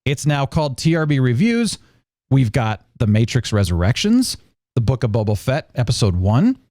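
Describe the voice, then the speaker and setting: A man hosting a podcast, chatting casually and rambling with animated storytelling. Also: mid-range voice, moderate pace, dry recording, clean studio sound. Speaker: podcast host. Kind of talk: casual chat.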